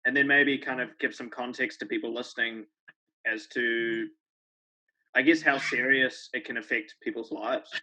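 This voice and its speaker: A man hosting a podcast, gently and tentatively asking his guest to tell his story. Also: medium pitch, fairly even intonation, normal speed, rough recording. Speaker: podcast host. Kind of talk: interview questions.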